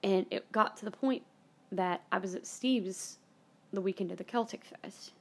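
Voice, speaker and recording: A woman's voice: mid-range voice, normal speed. A woman hosting a podcast, telling a personal story in a casual, emotional way. She sometimes swears, and at tender moments she drops into a whisper, close to tears. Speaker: podcast host.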